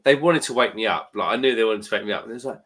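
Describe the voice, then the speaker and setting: A man's voice: lowish voice, racing, fairly bright tone, slightly rough. A British man cracking jokes in casual banter with friends over drinks.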